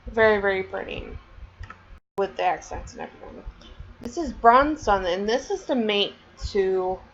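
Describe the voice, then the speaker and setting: A woman's voice: medium pitch, moderate pace, lo-fi sound, slight background noise. A woman casually chatting on a vlog, showing off her collection and rambling with lots of "um" and "like.". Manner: chatty, rambling, many fillers. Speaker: vlogger. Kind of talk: casual show-and-tell.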